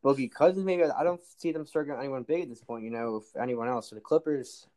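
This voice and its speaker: A man's voice: mid-range voice, fast talker, warm tone. A man guesting on a casual sports chat, opinionated and often restarting his sentences.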